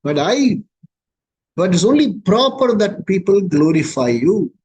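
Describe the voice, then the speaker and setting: Slow husky man teaching scripture. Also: high voice, very animated, darkish tone, low-quality recording. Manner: slow, explanatory, chants Sanskrit verses. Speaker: spiritual teacher. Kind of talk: scripture discourse.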